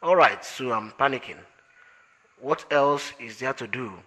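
A man's voice: mid-range voice, a little slow, a bit bright, slightly rough, big-room sound. A man reading an audiobook, voicing a flustered, bewildered ordinary man who sounds baffled and indignant.

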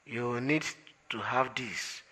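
A man's voice: mid-range voice, slow, sharp tone, slightly rough, exaggerated voice. Man reading as smug, breezy alien traveler. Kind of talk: audiobook reading.

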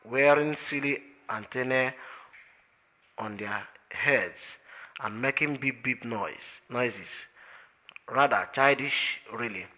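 A man's voice: mid-range voice, slow, sharp tone. A man reading an audiobook, voicing a breezy, smug male alien traveler in an offhand, amused way.

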